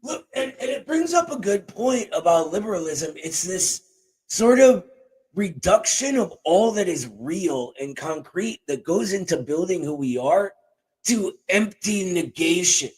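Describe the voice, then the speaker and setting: Animated man hosting a talk show. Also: high-pitched, a little slow, breathy edge, low-quality recording. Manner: animated, joking, emphatic. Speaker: show host. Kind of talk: casual political chat. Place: home desk. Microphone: boom-arm desk mic.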